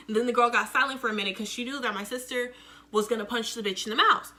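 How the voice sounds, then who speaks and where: A young woman telling a casual storytime, profane and animated, acting out the quotes loudly. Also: a little high, fast. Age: young adult. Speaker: vlogger.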